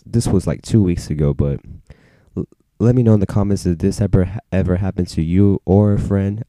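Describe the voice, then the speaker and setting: Young male vlogger, deep mellow voice, rambling storyteller, dry close sound. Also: dry recording. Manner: rambling, filler-heavy, frequent restarts. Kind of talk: casual storytelling to camera.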